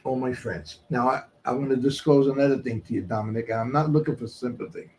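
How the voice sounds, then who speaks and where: A man's voice: mid-range voice, steady tone, quick pace, a little mellow, slight background noise. An older man, a guest, telling street stories in a blunt, profane, streetwise way. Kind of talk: storytelling in a casual interview.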